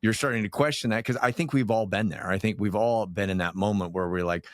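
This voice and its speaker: A male podcast host with a deep voice, recorded dry and close. He reflects on his guest's story and sums it up in an affirming way. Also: fast talker, no room sound. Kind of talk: conversational interview.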